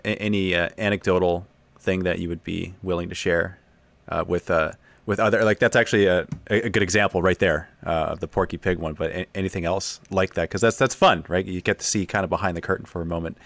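A man with a very deep voice hosts a casual interview and asks his guest eager, rambling questions. He starts and restarts his sentences, and his sound is close and dry. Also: fairly even intonation, gravelly, a bit bright, no echo. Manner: eager, halting questions with many fillers. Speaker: podcast host.

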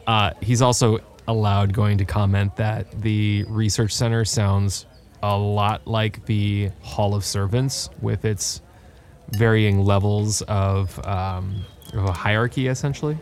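A man playing a character in a tabletop game, gruff and swearing in mock outrage. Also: on the low side, fairly even intonation, unhurried, a little mellow. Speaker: player.

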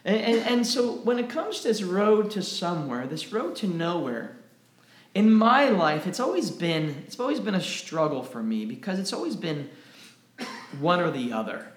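A man with a fairly high voice preaches a sermon in an animated way, stumbling over repeated words as his energy rises. His voice rings in an echoey church room. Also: moderate pace. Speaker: pastor.

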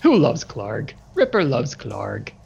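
A man doing a bossy bugbear brute, gravelly and loud. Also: medium pitch, wildly swooping pitch, takes it slowly, slight background noise, full character voice. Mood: doting. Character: demanding male bugbear who dotes on his wolf. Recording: dull lo-fi recording.

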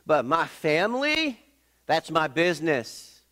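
A middle-aged male pastor preaching in a conversational, halting way, with many fillers and restarts. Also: fairly high pitch, sing-song, sharp tone. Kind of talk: sermon.

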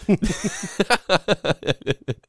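A man's voice: sits high, lively intonation, extremely slow, fairly bright tone, no echo, clean studio sound. A man in his fifties co-hosting a podcast in casual chat, who laughs often, swears and acts out quotes. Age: 50s. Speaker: podcast co-host.

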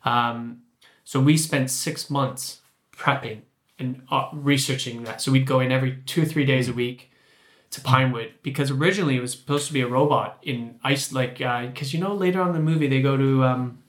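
A man's voice: mid-range voice, a little fast. A man, a creature performer, telling a story in casual chat and acting out the quotes in it. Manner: animated, acts out quotes in his story. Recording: roomy echo.

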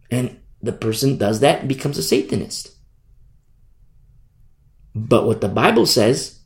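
A man preaching a passionate sermon as a pastor, sometimes acting out the voices of the people he describes. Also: mid-range voice. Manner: impassioned, mimics people in quotes.

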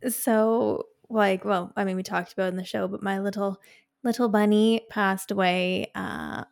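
A woman co-hosting a podcast in casual chat, speaking in a relaxed, reflective way. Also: medium pitch, moderate pace, gravelly. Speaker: podcast co-host.

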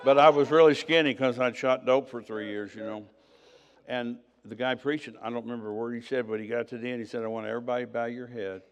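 A man's voice: medium pitch, steady tone, fairly quick. An older man preaching, telling his own story in a conversational way and acting out the dialogue. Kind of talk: sermon testimony.

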